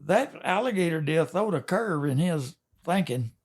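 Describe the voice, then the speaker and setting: Older guy telling fishing stories, slow folksy drawl, voice sits a bit high. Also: animated. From Texas. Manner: folksy, drawn-out yarn spinning with chuckles. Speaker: fishing captain and guest. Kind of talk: casual storytelling.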